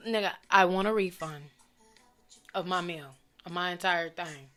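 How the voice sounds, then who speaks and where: A young woman vlogger telling a story to camera in a blunt, profane, animated way. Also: fairly low pitch, moderate pace, faint music behind. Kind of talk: casual storytime rant to camera.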